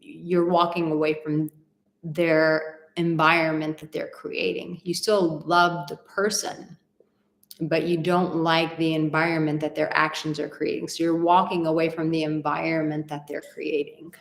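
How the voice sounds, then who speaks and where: A woman's voice: low voice, flat delivery, measured pace, creaky. A woman from Texas, a relationship coach in her thirties, hosting a live stream where she reads viewer comments aloud and answers them in an earnest, chatty way. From Texas, USA. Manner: earnest and chatty, with frequent fillers and laughs. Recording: roomy echo with faint ambience.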